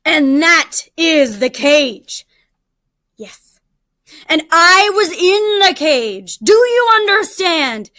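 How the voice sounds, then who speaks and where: A woman's voice: extremely high pitch, big pitch swings, very slow, bright, forceful tone, no echo, clean studio sound, pitched above the performer's own voice, full character voice. Storybook tiger: a big impatient male beast, bellowing, as a woman reads him aloud. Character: blustering impatient male tiger, loud and roaring.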